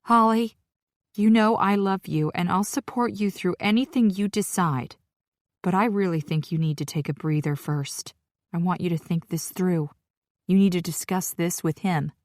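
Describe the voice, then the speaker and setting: A woman narrator voicing a gentle, calm middle-aged mother reassuring her daughter in an audiobook. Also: fairly low pitch, moderate pace, no echo, studio quality, lightly acted. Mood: soothing. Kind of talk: audiobook character voice.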